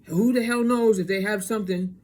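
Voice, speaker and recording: Husky-voiced man ranting as podcast host. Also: high-pitched, steady tone. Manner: profane, conspiratorial, halting with restarts. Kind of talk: rambling solo monologue.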